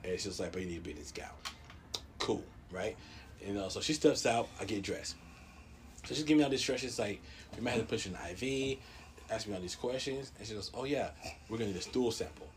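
A man telling a comedic story in casual talk, swearing a lot and jumping into a high voice when quoting others. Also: fast talker, a little hiss or hum. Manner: profane, animated, acts out quotes in a high voice.

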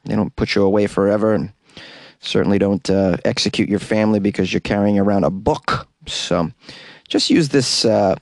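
A man's voice: on the low side, normal speed, vocal fry, darkish tone, no echo. A man hosting a comedy news podcast, reading stories and cutting in with sarcastic jokes, recorded in a small closet. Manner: sarcastic, joking asides. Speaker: podcast host.

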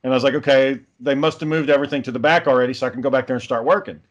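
A man's voice: medium pitch, steady tone, very fast, dull audio. A man in his thirties telling a casual story, swearing freely and acting out what people said. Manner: profane, acts out quotes of people in the story.

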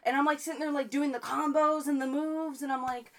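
A thirtyish woman co-hosts a podcast in a high, fairly even voice at a fairly quick pace. She chats casually and tells stories packed with filler words.

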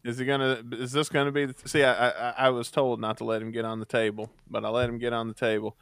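A man's voice: medium pitch, level tone, fast, fairly bright tone, smooth, dry recording. A man hosting a podcast in casual chat, joking and laughing easily. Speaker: podcast host.

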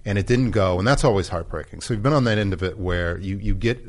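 A man with a fairly low voice talks through his working process. His speech is reflective, full of restarts and trailing phrases. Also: fast. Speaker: director. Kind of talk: casual chat.

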